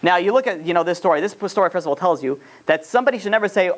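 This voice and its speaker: A man with a high, lively, slightly bright voice teaches an informal religious lesson at a fast clip. He rambles, frequently restarts phrases, and weaves stories in as he goes.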